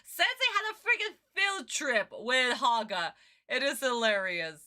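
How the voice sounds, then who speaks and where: A woman streamer giving casual livestream reaction commentary in an animated, exclamatory way, swearing freely. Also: high-pitched, slow.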